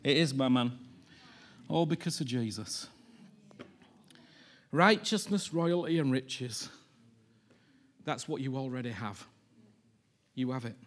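A man's voice: medium pitch, expressive, slow, pauses often. A man preaching a sermon to a congregation and then leading a prayer, talking emphatically, repeating himself and addressing the people in front of him. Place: church hall with a congregation.

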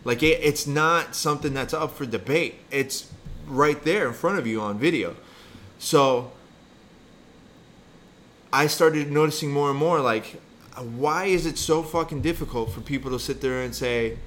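A man making his case in casual podcast talk, blunt and heavy with swearing. His voice sits at an ordinary pitch, with faint room ambience underneath. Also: normal speed, fairly bright tone, a little hiss or hum. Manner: blunt, profane, emphatic. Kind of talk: casual heated chat.

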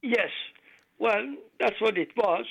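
A man calling in to a radio show, telling a joke haltingly with many fillers and non-native grammar. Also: high-pitched, vocal fry, a bit bright, low-quality recording. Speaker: caller.

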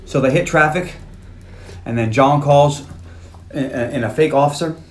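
A man on a podcast, recapping a film in a lively way and acting out its lines in voices. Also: on the high side, unhurried, roomy sound, a little hiss or hum. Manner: animated, acts out movie lines in voices. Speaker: podcast host. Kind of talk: casual movie recap chat.

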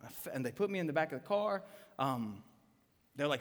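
A pastor in his thirties, with a fairly high voice, talks fast as he tells a story in a live sermon, animatedly acting out the voices of its characters. The church auditorium gives the recording a long reverb.

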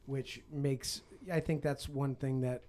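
A male podcast host in an easygoing conversation with a colleague. His voice sits at an ordinary middle pitch. He talks in a chatty way and often restarts his sentences. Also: little pitch movement, takes it slowly, darkish tone. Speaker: podcast host and film producer. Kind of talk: casual podcast chat.

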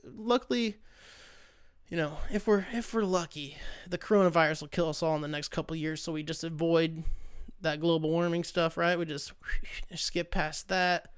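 His voice on the high side and clear, with a resonant tone, a young podcast host talks at a moderate pace with fairly even intonation. Alone on his casual show, he rants loosely and sarcastically, with a lot of profanity.

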